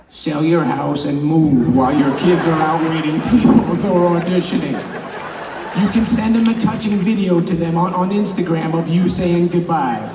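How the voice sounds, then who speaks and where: A goofy, jokey voice with a raised, nasal-leaning pitch, barking mock-stern advice as a man puts it on. It sounds distant and booming, with a long reverb tail from a large hall. Crowd murmur and noise sit behind it. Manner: mock-stern comic advice, loud and teasing. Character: goofy loud jokey man, a comic put-on voice. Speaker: commencement speaker. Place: large ceremony venue with an audience.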